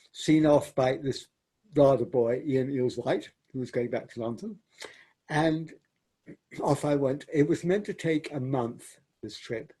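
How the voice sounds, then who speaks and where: A man's voice: medium pitch, dark tone, slightly rough. An older man, a theatre director, reminiscing in an interview as a reflective storyteller who repeats and restarts words.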